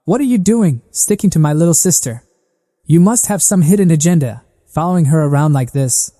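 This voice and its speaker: A man's voice: fairly high pitch, lively intonation, fairly quick, warm tone, big-room sound, voice pushed up, natural voice. A man voicing a hot-headed boy who is a protective older brother, speaking harshly. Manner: harsh, accusing.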